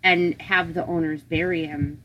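A woman's voice: low-pitched, fairly even intonation, unhurried, dull audio. Chatty woman podcaster telling a story, some faint hiss behind her. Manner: chatty storyteller, easily grossed out. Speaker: podcast co-host. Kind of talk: casual chat.

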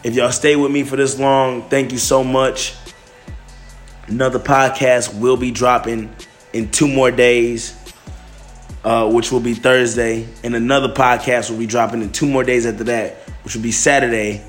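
A man's voice: medium pitch, flat delivery, normal speed. Rambling man hosting a podcast. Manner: loose, rambling, many fillers and restarts. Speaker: podcast host. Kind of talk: casual solo podcast monologue. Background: faint music.

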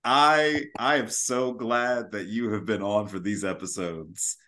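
A man's voice: on the low side, steady tone, measured pace, pushed and bright. A man co-hosting a podcast, chatting casually and reacting to his co-hosts. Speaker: podcast co-host. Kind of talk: casual chat.

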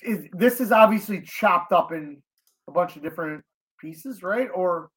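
A co-host on a loose livestream, chiming in with blunt, profane wisecracks. The pitch sits in a middle register. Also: expressive, measured pace, fairly bright tone. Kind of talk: casual livestream video reaction chat.

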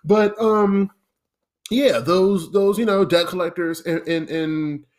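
A man's voice: sits high, takes it slowly. A man hosting a solo podcast, ranting in an exasperated, profane, rambling way. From United States. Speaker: podcast host.

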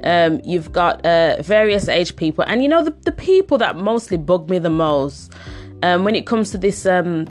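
A chatty woman telling a casual personal story, rambling along with plenty of "um"s. Her speaking voice sits fairly low, and soft music plays faintly behind her. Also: expressive, normal speed. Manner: chatty, rambling, lots of fillers.

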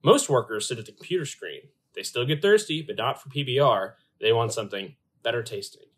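Male podcast host, casual and animated, reads text aloud with playful emphasis. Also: mid-range voice, a little fast, slightly rough. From Louisville area, US. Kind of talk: casual podcast chat about beer.

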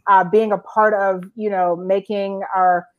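Interview guest: woman in her forties from Georgia, lively anecdotal storyteller with many "uh" fillers, mid-pitched voice. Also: measured pace, dull audio. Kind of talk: conversational storytelling.

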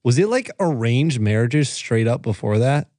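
A man's voice: medium pitch, very animated, moderate pace, darkish tone, dry recording, studio quality. A young man on a casual podcast, asking questions with hesitant restarts. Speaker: podcast co-host. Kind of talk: casual chat.

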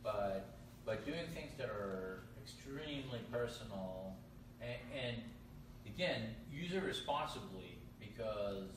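A man's voice: lowish voice, lively intonation, slow. A man, an artist painting live, chatting loosely as he works, often checking in with "right?" and restarting his sentences. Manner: rambling, self-correcting, tags "right?". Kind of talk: casual talk while painting. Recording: echoey room, mic far off, background noise.

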